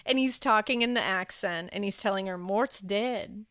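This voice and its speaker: A woman co-hosts a podcast and recaps a horror movie scene by scene in a lively, chatty way. Her voice sits at an ordinary middle pitch. The recording is dry and close, with no room sound. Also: moderate pace, no echo. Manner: animated, chatty retelling with laughs and acted-out quotes. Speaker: podcast co-host. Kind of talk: casual chat recapping a movie.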